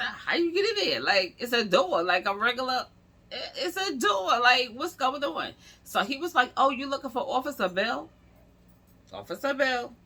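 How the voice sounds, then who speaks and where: A woman vlogger tells a story straight to her viewers in a bright, forceful voice. Her pitch swings widely as she acts out each person she quotes. She keeps it casual and chatty throughout. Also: gravelly, breathy edge.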